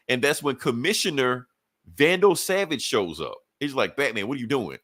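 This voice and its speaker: A man co-hosting a podcast, recapping a comic book in a rambling, profane way and slipping into quick voices for the characters. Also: mid-range voice, expressive, fairly bright tone, no echo.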